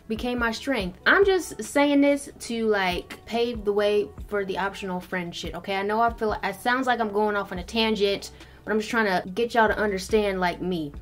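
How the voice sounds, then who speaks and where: A woman's voice: medium pitch, moderate pace, faint music behind. Blunt, profane young woman chatting. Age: 20s. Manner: blunt, profane, animated storytelling. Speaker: beauty vlogger. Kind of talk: casual chat while doing makeup.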